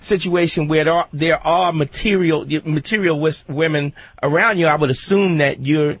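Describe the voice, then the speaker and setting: A man on a call-in radio show giving a caller blunt, measured advice, often restarting his sentences. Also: fairly high pitch, no echo, dull audio.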